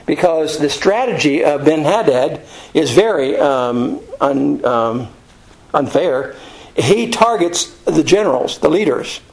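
A man's voice: fairly high pitch, slow, creaky, poor audio. Folksy man teaching a Bible study. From United States. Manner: folksy, rambling, animated storytelling with fillers.

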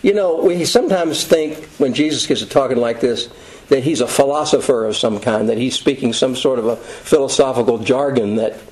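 A man preaching a sermon in a conversational, folksy way, telling stories with quick asides. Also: mid-range voice, darkish tone, low-quality recording.

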